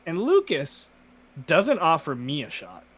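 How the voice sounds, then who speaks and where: A man's voice: on the high side, measured pace, slightly rough, poor audio. A young man co-hosting a podcast, telling stories in casual chat with frequent swearing and laughter. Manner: animated, profane storyteller, bursts into laughter. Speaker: podcast co-host.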